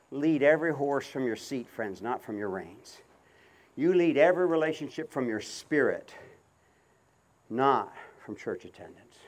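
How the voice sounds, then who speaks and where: A middle-aged man preaching a sermon while working a horse, calling out commands and then speaking softly and reflectively. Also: medium pitch. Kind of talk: outdoor sermon with horse demonstration.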